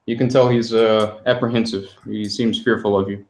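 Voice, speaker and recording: Low-voiced man running a tabletop game. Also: moderate pace. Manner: relaxed, many fillers, describes scenes at length. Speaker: game master.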